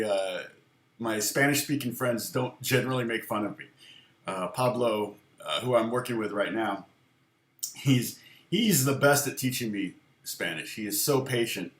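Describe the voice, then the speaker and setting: A man's voice: lowish voice, measured pace, fairly bright tone, reverberant. A man teaching guitar on a casual live stream, chatting with viewers in a self-deprecating way and laughing often.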